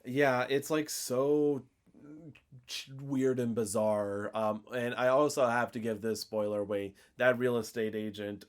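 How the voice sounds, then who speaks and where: Man, podcast co-host, casual chat, rambling, filler-heavy, mid-pitched voice. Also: fairly even intonation, measured pace, clear, resonant tone. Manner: rambling, leans on fillers like essentially and basically. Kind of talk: casual film recap chat.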